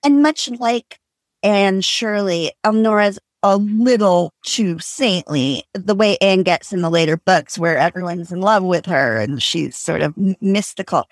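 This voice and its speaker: A woman's voice: medium pitch, a little slow, dry recording. A woman co-hosting a book discussion who talks in a thoughtful way with many hedging asides.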